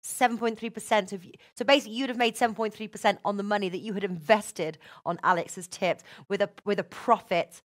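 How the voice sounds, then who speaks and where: A woman hosting a sports betting show, chatty and quick to laugh. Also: medium pitch, steady tone. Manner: chatty, laughs often, restarts. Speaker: host. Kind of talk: casual chat.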